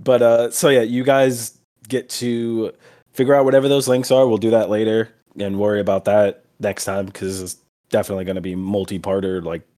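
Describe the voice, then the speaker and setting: A man's voice: on the low side, fairly even intonation, brisk, dark tone. A man narrates a tabletop game as game master. He talks casually, with fillers, restarts and the odd curse word. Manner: casual, rambling with fillers and cursing.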